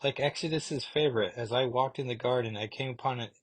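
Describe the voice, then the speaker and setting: A man's voice: medium pitch, quick pace, breathy edge, natural voice. A man voicing a commanding woman ship captain in a theatrical mock-British put-on voice while reading a comic aloud. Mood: reflective.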